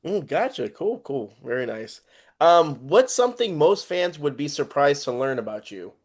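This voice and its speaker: A man interviewing a guest, asking relaxed, hesitant questions and laughing easily. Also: fairly high pitch, normal speed. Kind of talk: casual interview chat.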